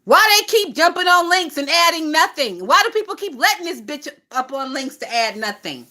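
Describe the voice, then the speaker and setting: A woman hosting a casual gossip livestream, talking in a lively, profane way and laughing often. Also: sits high, normal speed. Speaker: livestream host.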